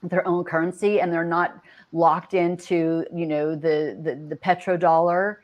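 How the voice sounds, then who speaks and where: A woman's voice: on the low side, flat delivery, a little slow, lo-fi sound. A woman co-hosting a podcast in casual chat, earnest, listing facts and restarting sentences. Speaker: podcast co-host.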